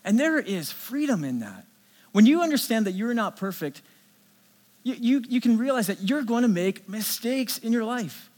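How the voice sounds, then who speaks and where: A middle-aged man preaching a sermon as a pastor, telling stories in an animated way with many restarts. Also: very high voice, normal speed, in a large hall.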